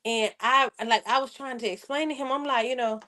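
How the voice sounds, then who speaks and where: A woman's voice: high voice, steady tone, brisk, sharp tone. A young adult woman chatting casually to her viewers as a vlogger, sarcastic and talkative, calling them y'all.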